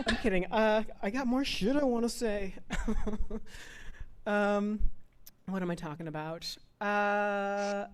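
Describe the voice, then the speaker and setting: A woman's voice: medium pitch, slow pace, clean tone. A young woman performs a stand-up set over a video call. She is giggly and self-mocking, often laughing into her own punchlines. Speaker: stand-up comedian.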